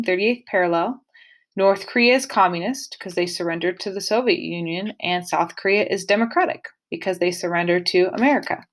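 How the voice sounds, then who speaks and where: A woman teaching a casual history lesson, talking to her students directly and adding playful, dramatic asides. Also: medium pitch. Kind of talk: casual classroom lecture.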